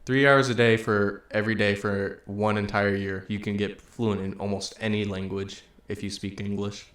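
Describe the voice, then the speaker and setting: A man's voice: lowish voice, level tone, moderate pace, fairly bright tone. A man in casual podcast chat, asking long, rambling questions and sharing stories. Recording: echoey room.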